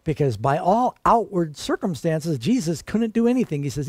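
A man's voice: fairly high pitch, big pitch swings, normal speed, few pauses, no echo. A man preaching a sermon in an earnest, emphatic way and calling his listeners friends.

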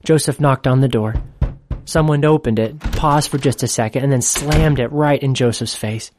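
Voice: medium pitch, normal speed, background noise. Earnest storybook narrator.

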